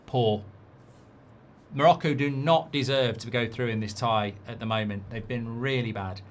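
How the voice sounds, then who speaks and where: A man's voice: mid-range voice, normal speed. Chatty man hosting a watchalong. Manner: chatty, reads viewer comments aloud. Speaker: football watchalong host. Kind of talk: casual live-stream commentary.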